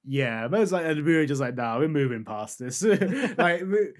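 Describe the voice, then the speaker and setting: A man's voice: a little high, animated, normal speed. A young British man co-hosting a podcast, telling travel stories in casual chat and laughing often. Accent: British English. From England. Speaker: podcast co-host.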